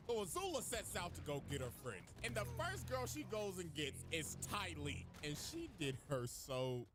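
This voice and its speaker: A man's voice: on the high side, very animated, moderate pace, hardly any pauses, noisy background. A young man giving a comedic cartoon recap in slangy, profane, joking narration. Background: music.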